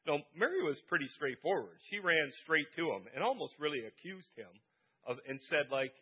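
A man's voice: on the high side, animated, moderate pace, slightly rough. A man preaching a sermon. He reads a scripture passage aloud and stops often to explain it in plain, casual speech. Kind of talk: sermon reading scripture with asides. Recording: dull lo-fi sound.

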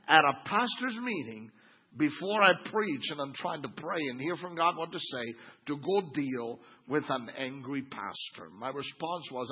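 Pastor, man in his fifties, high lively husky voice, sermon on a dull lo-fi recording. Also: normal speed. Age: 50s. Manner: animated, swings from quiet asides to loud exclaiming.

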